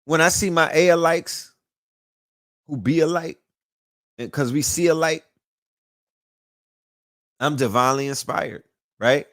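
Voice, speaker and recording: A man's voice: a little high, measured pace, long pauses, fairly bright tone, no room sound, studio quality. A man hosting a show, ranting in a loose, profane, emphatic monologue that is full of restarts. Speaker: podcast host. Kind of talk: casual monologue.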